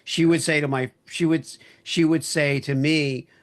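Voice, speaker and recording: Host: man with a slightly higher voice, an animated storyteller retelling jokes in easy chat. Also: measured pace. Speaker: podcast host. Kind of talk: casual podcast conversation.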